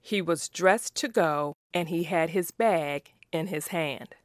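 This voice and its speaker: A woman reading a story aloud in a slow, even, careful way. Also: low-pitched, dry recording. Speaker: narrator.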